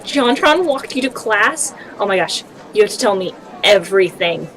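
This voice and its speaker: A woman voicing an excitable, gossipy schoolgirl friend who gushes out questions. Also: medium pitch, moderate pace, slight background noise, close to an everyday voice, poor audio. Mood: excited. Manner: gushing and breathless with questions.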